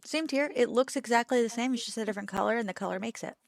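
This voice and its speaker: A woman's voice: a little high, very fast, vocal fry, no echo, clean studio sound. A woman co-hosting a game stream, chatting bluntly and with playful drama. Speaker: streamer co-host. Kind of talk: casual chat while gaming.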